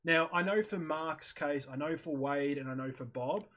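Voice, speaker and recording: A man's voice: on the high side, moderate pace, fairly bright tone. A man chatting casually over voice chat, animatedly retelling a video he watched and acting out his own reactions. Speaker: streamer in voice chat. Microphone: headset or desk mic on voice chat.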